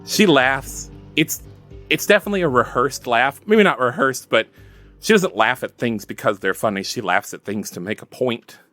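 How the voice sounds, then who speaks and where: A man's voice: mid-range voice, moderate pace, fairly bright tone, soft background music. A man narrating a tabletop role-play game as game master, chatty and joking with asides to the audience. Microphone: headset-style desk mic.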